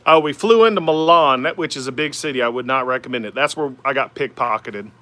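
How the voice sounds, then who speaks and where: Quick, pushed, and bright at medium pitch, with no room sound, a man in his forties hosts a woodturning livestream from his home shop near the lathe. His Oklahoma accent carries an easygoing, rambling chat with viewers, thick with "man" and "uh."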